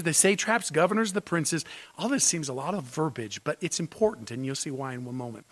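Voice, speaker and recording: A man's voice: on the high side, fairly quick, fairly bright tone. A man pastor preaching an expository sermon, emphatic and full of rhetorical questions. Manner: emphatic, rhetorical questions, repeats key phrases.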